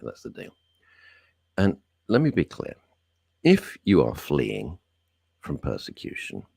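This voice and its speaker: A deep, gravelly man holds forth in a studio, his low voice lurching from growl to sudden high bursts. The tone is husky and close, with no room sound at all. He talks bluntly, like a radio host airing a rant. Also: darkish tone, no echo. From Britain. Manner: blunt, ranting, sweeping pitch swings. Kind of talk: opinionated talk radio monologue.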